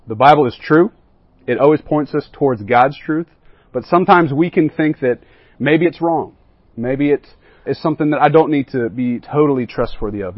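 A man with a husky, breathy voice teaches a Bible lesson to a group, often checking in with "right?" along the way. The sound is dry and close, with no room echo, but a little dull and muffled. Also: a little high. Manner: keeps asking the group questions and checking in with "right?" and "okay?".

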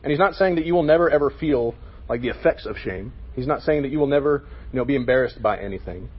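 A man's voice: mid-range voice, animated, quick pace, breathy edge, highs cut off. A man leading a casual Bible lesson for a youth group, talking to them with frequent "okay?" check-ins.

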